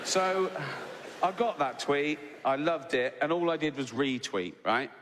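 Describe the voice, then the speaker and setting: A man's voice: a little high, measured pace. A man doing stand-up, telling a story with lots of acted-out voices. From England. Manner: animated storytelling, acts out voices. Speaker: stand-up comedian. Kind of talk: stand-up routine. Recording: reverberant hall, audience noise.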